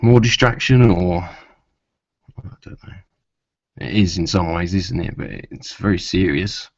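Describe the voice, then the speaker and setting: A man's voice: sits low, takes it slowly, vocal fry, dry recording. A man chatting casually to camera in a rambling way, with many asides, and swearing when riled. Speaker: vlogger. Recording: dull lo-fi sound.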